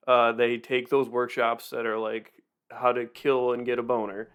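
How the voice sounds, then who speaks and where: A man's voice: medium pitch, level tone, moderate pace, a bit bright, clear, resonant tone. A man co-hosting a podcast in casual comedic chat, telling stories in a rambling way with many restarts. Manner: rambling, self-interrupting storyteller. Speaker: podcast co-host.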